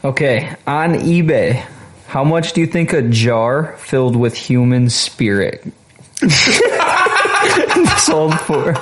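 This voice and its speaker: A man's voice: fairly high pitch, sing-song, slow, long pauses, a bit bright, slight background noise. A young man co-hosting a podcast and running a guessing game, teasing his partner in a dry, wry way. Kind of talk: casual chat.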